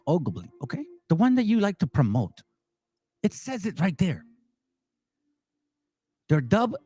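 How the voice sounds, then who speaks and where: A man's voice: high voice, darkish tone, no room sound. A man giving heated commentary and reading passages aloud, angry and emphatic, repeating words for stress. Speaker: commentary host.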